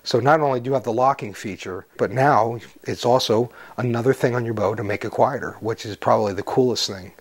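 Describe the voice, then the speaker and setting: A man's voice: mid-range voice, brisk, hardly any pauses. A man explaining and promoting his product in an interview, earnest and persuasive, with rhetorical questions. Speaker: company founder.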